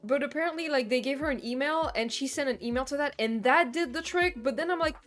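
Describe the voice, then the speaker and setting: A woman's voice: sits high, fast talker. Young woman venting in swear-laced rambles. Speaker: streamer. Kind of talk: casual chat. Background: faint background music.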